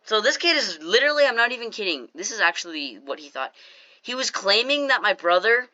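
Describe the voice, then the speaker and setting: Casual storytime narrator, bright tone, jokey asides to viewers, slightly muffled lo-fi recording. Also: mid-range voice, big pitch swings, fairly quick. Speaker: storytime YouTuber. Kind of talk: casual storytime over gameplay.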